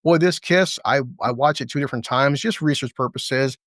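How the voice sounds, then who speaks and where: A man's voice: mid-range voice, fairly bright tone, slight background noise. A man giving a crude, sarcastic casual review of a TV episode, sometimes slipping into mocking character voices. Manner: impersonates characters in quick asides. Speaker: TV show reviewer.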